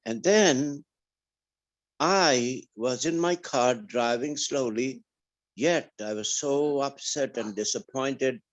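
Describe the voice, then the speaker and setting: A man in a class on a video call, telling a personal story in a halting way with restarts. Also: mid-range voice. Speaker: class participant.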